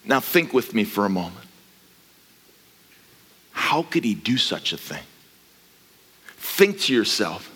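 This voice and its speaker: A man preaching a sermon as a guest pastor, energetic and swinging from quiet asides to shouting. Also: mid-range voice, measured pace, pauses often, in a large hall. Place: church sanctuary.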